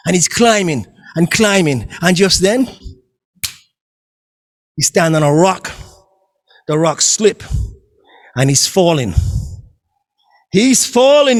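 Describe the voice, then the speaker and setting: A man telling a folk tale aloud, dramatic and repetitive, in an unhurried way. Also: high-pitched. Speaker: storyteller. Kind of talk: oral folk storytelling.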